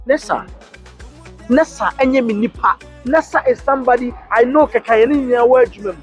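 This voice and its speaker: A man's voice: extremely high pitch, fairly quick, faint music behind. A man with a Ghanaian accent in a comic argument skit, pleading and cutting in again and again to be heard. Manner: pleading, keeps cutting in with "listen". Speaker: comedian in a skit.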